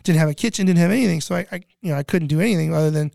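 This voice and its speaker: A man's voice: on the high side, very fast, creaky, dry recording, studio quality. A middle-aged man telling stories casually as a guest, rambling with lots of filler words and restarts, sometimes swearing. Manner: animated, swearing. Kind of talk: casual storytelling.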